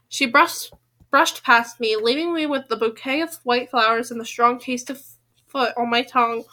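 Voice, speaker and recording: A woman reading a novel aloud in a casual way, often breaking off into animated, rambling side comments. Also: high-pitched. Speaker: reader of a novel. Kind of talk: casual read-aloud with chatty asides.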